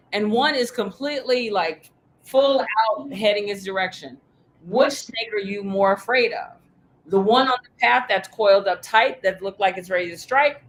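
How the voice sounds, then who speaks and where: A woman business coach leads a live workshop, telling stories with lots of energy, acting out quoted voices and swearing casually. Her voice is mid-range, and the recording is rough.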